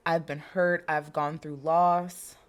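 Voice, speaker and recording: A woman with a low, deep-set voice gives a tarot reading straight to her viewers. She talks in a loose, chatty flow, circling back to her points and repeating them for emphasis. Her swearing is casual and unfiltered. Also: flat delivery, slow pace. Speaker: tarot reader.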